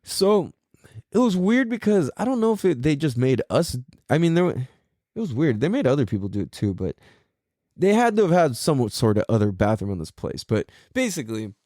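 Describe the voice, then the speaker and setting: A man's voice: fairly high pitch, sing-song, brisk, dark tone, no echo, clean studio sound. Rambling, slangy man telling a story. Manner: rambling, slangy, heavy on fillers and swearing; mimics people in quoted voices. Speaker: podcast host. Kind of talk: casual storytelling.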